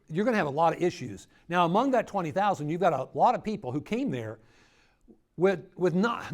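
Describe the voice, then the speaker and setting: A middle-aged man preaching a sermon at a church grief workshop, teaching with rhetorical questions to his audience. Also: high voice. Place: church hall.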